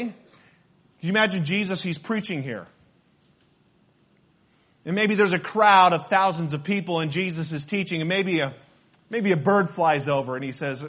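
A man's voice: high voice, moderate pace, pauses often, a bit bright. A pastor preaching a sermon, earnest and repetitive, quoting scripture between his own points. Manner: earnest preaching, repeats phrases, quotes scripture.

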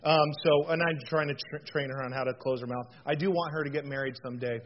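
A man preaching a conversational sermon in a chatty, animated way, with frequent fillers and rhetorical questions. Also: fairly high pitch, fast talker. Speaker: pastor. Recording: dull lo-fi sound with faint noise.

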